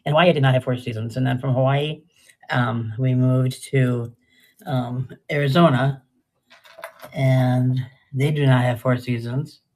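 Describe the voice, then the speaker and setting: A woman's voice: rumbling low, steady tone, a little slow, a little mellow. An older woman chatting casually and rambling through a live jewelry sale, often trailing off mid-sentence. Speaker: live-stream jewelry seller.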